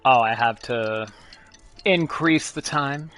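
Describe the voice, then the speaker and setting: A man's voice: medium pitch, slow, fairly bright tone, faint music behind. A young man commentating casually while playing a game, jokey and playful and fond of silly accents. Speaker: gaming streamer. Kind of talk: casual let's play commentary.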